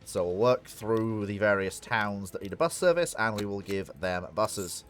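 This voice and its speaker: A man's voice: fairly low pitch, moderate pace, soft background music. Chatty man streaming a train game. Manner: rambling, talks to himself and the game, self-mocking. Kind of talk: casual live-stream commentary.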